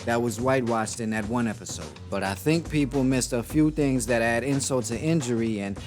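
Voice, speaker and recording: Man, video essay host, wry and analytical, mid-pitched voice, background music. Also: a little fast, a little mellow. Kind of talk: scripted commentary. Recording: clear background music under voice.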